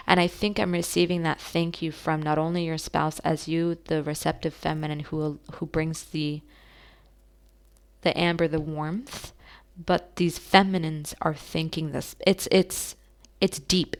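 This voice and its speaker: Woman psychic reader, lowish gravelly voice, soft and emotional, halting delivery. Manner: soft, emotional, addresses listeners as beautiful souls; halting, many fillers and restarts. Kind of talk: channeled tarot reading.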